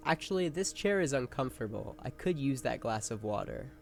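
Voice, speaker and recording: A man streams a video game, talking casually and joking at his own expense. His voice sits in a middle pitch, and game music plays faintly behind him. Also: brisk, gravelly, hardly any pauses. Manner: relaxed, self-deprecating, reads choices aloud. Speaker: gameplay streamer. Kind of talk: casual let's-play commentary.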